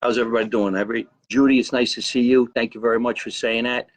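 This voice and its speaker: Outdoors beside a backyard grill and pool, a man hosts a live comedy stream, his mid-range voice flat and quick. He rambles on, boasts, and says hello to viewers by name.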